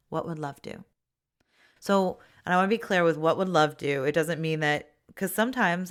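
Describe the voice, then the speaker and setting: A woman coaching listeners through self-help steps, speaking gently and straight to them, sometimes acting out their self-talk. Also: deep voice. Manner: acts out inner voices and self-talk in quotes. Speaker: life coach.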